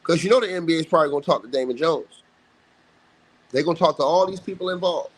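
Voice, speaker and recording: A man's voice: on the high side, quick pace. Guy ranting about sports on a livestream, slangy and emphatic, keeps repeating himself. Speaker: livestream host. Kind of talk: casual sports commentary. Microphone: livestream mic.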